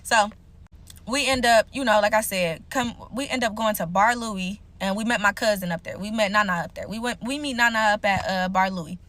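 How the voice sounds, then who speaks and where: A young woman telling a casual storytime to her viewers, animated and slangy, with frequent profanity. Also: medium pitch, brisk.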